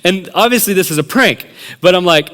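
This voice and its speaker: A young adults pastor telling a story in a sermon, animated and acting out what people said, with many casual fillers. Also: male voice, high-pitched, brisk. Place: church hall. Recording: long reverb of a large hall.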